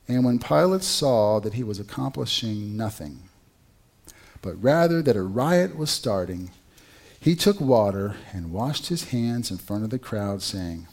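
A male pastor preaching a sermon in an animated, conversational way, with rhetorical questions to the congregation. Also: fairly low pitch, measured pace.

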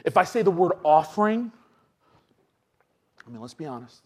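High-voiced impassioned young preacher man. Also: very animated, moderate pace, pauses often. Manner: swings from low asides to loud emphatic scripture reading. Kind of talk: sermon.

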